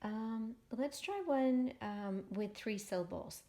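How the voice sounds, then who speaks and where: Slow, patient woman teaching phonics. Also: on the high side, mellow. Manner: slow, patient, sounding out syllables. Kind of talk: phonics lesson for children.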